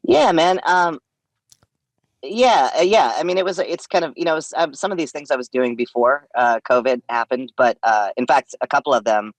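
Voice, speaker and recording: A male comedian chatting as a podcast guest, rambling and laughing, with many false starts. His voice sits at an ordinary pitch. The sound is dry and close. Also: moderate pace, dry recording. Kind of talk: casual podcast interview.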